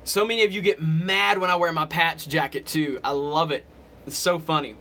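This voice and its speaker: A man's voice: a little high, fairly even intonation, normal speed, bright, forceful tone. Upbeat man chatting casually as host. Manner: chatty, thanks viewers by name, thinks aloud. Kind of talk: casual live-stream chat.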